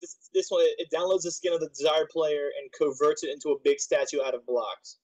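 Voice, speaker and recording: A man's voice: fairly high pitch, fairly even intonation, brisk, a little mellow, husky, poor audio. A man streaming a game, chatting casually and rambling, swearing often, with frequent hiccups. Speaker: server admin streaming gameplay. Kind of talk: casual gaming chat.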